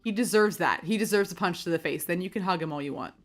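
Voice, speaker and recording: A young woman giving excited, dramatic, laughing commentary on her game play-through, swearing freely. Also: fairly low pitch, fast talker, soft background music. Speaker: streamer.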